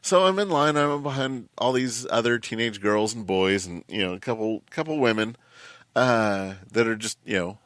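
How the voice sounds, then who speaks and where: A man's voice: fairly low pitch, normal speed, a bit bright, clean tone, no echo. A man hosting a podcast in casual chat, telling stories in a rambling way with many fillers and restarts. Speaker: podcast host.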